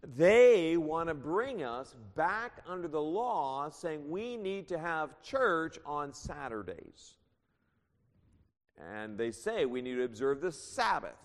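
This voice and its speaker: A man's voice: on the high side, very animated, slow. A man preaching a sermon, reading scripture aloud and explaining it, at times raising his voice. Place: church sanctuary. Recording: long hall reverb.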